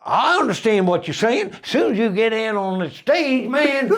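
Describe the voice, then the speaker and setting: A man's voice: high voice, lively intonation, normal speed, a bit bright, pitched above the performer's own voice. An Australian man putting on a drawling American musician. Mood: baffled. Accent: American Southern. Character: drawling American male band musician, easygoing.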